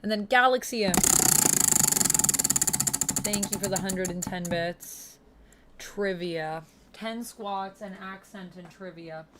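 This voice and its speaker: Speak as a woman hosting a late-night livestream: take it slow and unhurried, keep it chatty, and stop to thank viewers from chat by name. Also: medium pitch, noisy background. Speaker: streamer.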